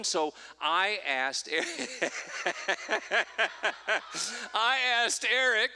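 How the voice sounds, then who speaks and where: A man's voice: high-pitched, very slow, pauses often. A man leading a church service as pastor, talking in a playful, joking way and laughing at himself. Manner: animated and jokey, laughs at himself. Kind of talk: playful church talk to a congregation.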